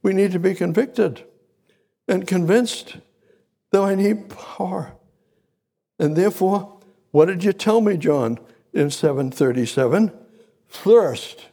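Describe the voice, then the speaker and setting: Preacher guy, gravelly and husky, keeps repeating stuff and jumping up loud. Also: slow pace, pauses often. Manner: repetitive, emphatic preaching with sudden loud high rises. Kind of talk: sermon.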